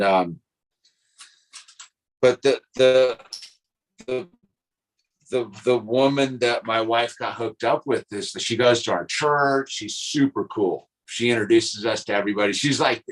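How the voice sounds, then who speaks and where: A man talking on a live stream in a relaxed, rambling way, tossing "dude" and "like" into nearly every line. His voice sits at an ordinary middle pitch for a man, and he keeps it loose and easygoing as he tells his story. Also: low-quality recording. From California. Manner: laid-back, rambling, says dude and like a lot. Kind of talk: casual chat.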